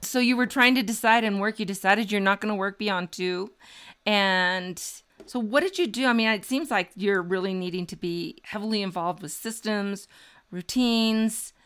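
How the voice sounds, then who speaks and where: A woman's voice: medium pitch, normal speed, a bit bright, clear, resonant tone. A woman hosting a podcast interview, mostly listening with short affirmations and laughs, then asking questions. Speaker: podcast host.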